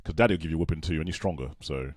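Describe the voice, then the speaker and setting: A man's voice: a bass voice, racing, no echo, clean studio sound. An English man co-hosting a casual livestream chat, playful, reading viewer comments aloud. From England. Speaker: co-host.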